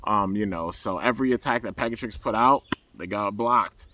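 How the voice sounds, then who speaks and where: A man casually recapping an animated episode in a loose, rambling way, full of fillers and bursts of excitement. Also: on the low side, moderate pace, slight background noise. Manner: rambling, loose and enthusiastic, full of "um" and "you know". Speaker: anime episode reviewer.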